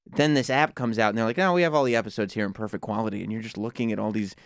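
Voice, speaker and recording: A man's voice: fairly low pitch, very fast, smooth, no room sound. A man in a casual studio chat, rambling and joking.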